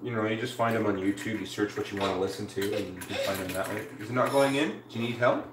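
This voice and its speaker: Woman from Canada, very deep voice, casual streamer chat, faint hiss. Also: steady tone, quick pace. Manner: chatty, answers viewers while building. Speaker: live streamer. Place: home room. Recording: roomy, distant mic with faint hiss.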